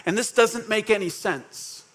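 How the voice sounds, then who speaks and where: This pastor's voice is notably high and a bit bright, and he moves at a measured pace. His sermon stays conversational, with questions for the congregation and small scenes acted out in quoted voices.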